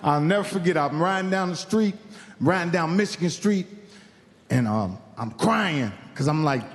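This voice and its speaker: A man's voice: on the high side, lively intonation, moderate pace, in a large hall. A man from Indiana doing stand-up, telling a profane story and acting out the other people in it. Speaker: stand-up comedian. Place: live comedy venue.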